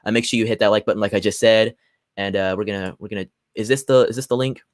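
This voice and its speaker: A young man hosting a solo political livestream, swinging from loud angry rants to low muttered asides as he reads articles aloud. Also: steady tone, fast, no echo, studio quality. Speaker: livestream host. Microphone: phone or computer mic at a desk.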